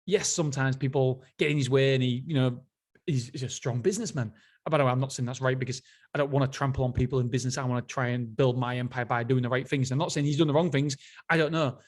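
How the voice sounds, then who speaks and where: A man's voice: mid-range voice, fairly even intonation, quick pace. A man hosting a casual solo book review, enthusiastic and rambling, often restarting his sentences. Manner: enthusiastic, rambling, self-interrupting. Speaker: podcast host.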